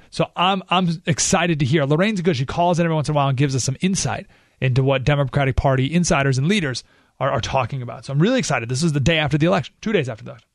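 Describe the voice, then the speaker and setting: A man hosting a political talk radio show, talking in an animated, sarcastic way. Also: on the high side, racing, creaky, dry recording, clean studio sound. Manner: animated, sarcastic, acts out quoted voices.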